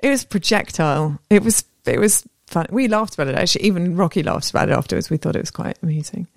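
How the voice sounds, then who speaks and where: A woman in her thirties co-hosting a podcast, telling stories in a lively, animated way and acting out voices. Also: fairly low pitch, fast, gravelly, dry recording, studio quality. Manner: animated storyteller, acts out voices. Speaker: podcast co-host. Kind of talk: casual chat.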